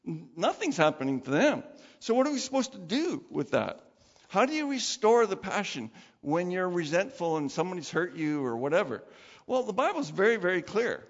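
Animated male pastor preaching in a hall. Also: high-pitched, moderate pace. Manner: animated, conversational preaching with quoted asides. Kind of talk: sermon. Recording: dull sound with long hall reverb.

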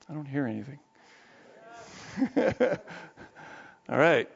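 A male pastor preaching a sermon in a conversational, animated way, dropping to low asides and then rising into excited bursts. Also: takes it slowly, gravelly, pauses often. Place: church sanctuary. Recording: long hall reverb, dull muffled sound.

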